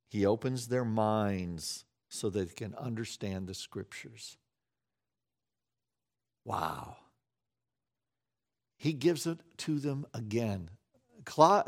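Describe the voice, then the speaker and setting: Male preacher, a little high in pitch, animated storyteller who dips into hushed asides. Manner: animated storytelling, acting out scenes with sudden quiet drops. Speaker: pastor. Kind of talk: sermon.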